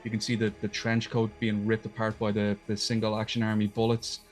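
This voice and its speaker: A man's voice: fairly low pitch, monotone, a little fast, soft background music. A male podcast co-host casually retelling game scenes in loose, rambling detail. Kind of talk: casual game retrospective chat.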